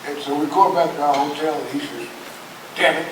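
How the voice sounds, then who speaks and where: A man's voice: on the high side, fairly even intonation, fast. Chuckling older man telling stories. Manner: chuckling, acts out quoted voices. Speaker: former player. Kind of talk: anecdotal storytelling. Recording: distant echoey hissy recording.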